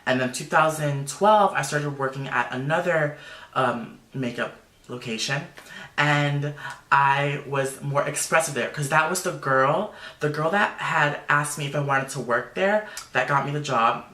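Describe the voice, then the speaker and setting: A young male makeup artist with a fairly high voice tells a personal story in an animated, emotional vlog packed with fillers. The recording has a roomy echo.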